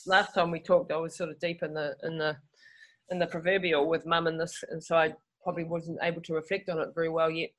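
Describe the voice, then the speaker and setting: Chatty woman explaining with lively emphasis. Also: deep voice, quick pace, low-quality recording. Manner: animated, restarts often, acts out inner voices. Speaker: guest. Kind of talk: casual conversational explaining.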